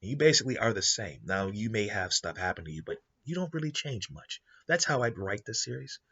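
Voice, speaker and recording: A man hosting a podcast, casually pitching a dark fantasy story idea and briefly voicing the characters as he goes. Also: a little fast, slightly rough, lo-fi sound. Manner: animated, acts out quoted characters in passing. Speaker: podcast host.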